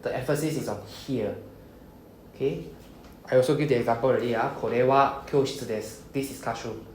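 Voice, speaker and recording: A man's voice: medium pitch, fast. A man with a Singaporean English accent teaching a beginner Japanese class in a classroom, checking in often with "okay?" and "right?". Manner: explains patiently, frequent "okay?" and "right?" checks. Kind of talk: classroom lesson. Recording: echoey room, faint background noise.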